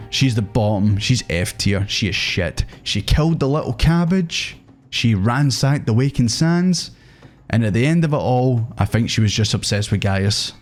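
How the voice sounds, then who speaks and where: Young man, low voice, casual tier-list chat, sweary, animated, faint background music. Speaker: gaming video host.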